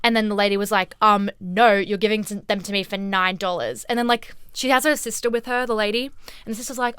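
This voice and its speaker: A woman's voice: medium pitch, a little fast, clean tone, no echo. A young woman, co-hosting a casual chat podcast, telling a work story with lots of acted-out quotes and swearing. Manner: animated storyteller, acts out quotes, swears freely. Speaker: podcast co-host.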